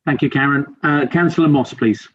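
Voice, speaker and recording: A man's voice: a little high, normal speed. A man chairing a council meeting over a video call, polite and procedural as he calls on speakers. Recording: dull lo-fi call audio.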